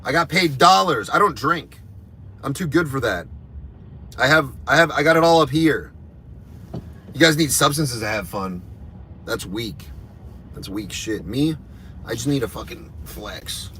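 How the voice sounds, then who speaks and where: A man, a comedian, ranting in a crude, rambling, deliberately provocative way on a live stream from a moving car. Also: medium pitch, expressive, pushed and bright, slight background noise. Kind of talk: provocative live stream rant while driving.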